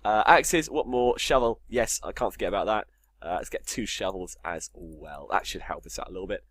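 A man's voice: lowish voice, brisk, fairly bright tone, no room sound. A man casually commentating his Minecraft game, joking, swearing and talking to himself. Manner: swears a lot, jokey, talks to himself. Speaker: gamer.

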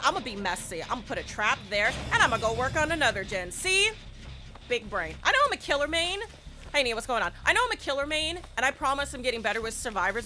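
A woman streamer giving casual commentary while she plays, talking to her teammates and repeating phrases in quick bursts. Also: a little high. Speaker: streamer playing a horror game. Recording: game music behind voice.

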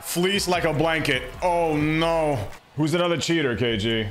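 A young man streaming a baseball video game, reacting in excitable, slangy commentary that swings between loud hype and low muttering. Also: a little slow, background noise. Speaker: gaming streamer. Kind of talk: live gameplay commentary.

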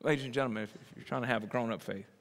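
A man preaching a sermon, swinging from loud emphatic bursts to low, quiet asides. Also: rapid-fire, in a large hall. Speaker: pastor.

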